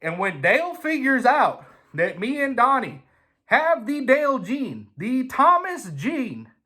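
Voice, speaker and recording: A man telling a casual, swear-filled story in an animated way. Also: extremely high pitch, takes it slowly. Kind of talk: casual anecdote.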